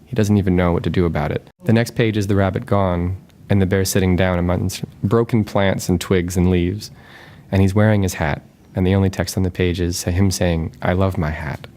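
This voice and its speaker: Guy reading his own picture book out loud, calm and dry, really low voice. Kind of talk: reading a picture book aloud with page descriptions.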